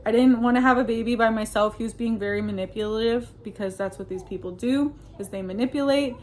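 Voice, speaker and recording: A woman's voice: on the high side, fast talker. A woman telling a personal story in a casual monologue. She rambles earnestly, with many fillers and restarts, and uses religious Christian phrasing. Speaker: vlogger recounting personal experiences.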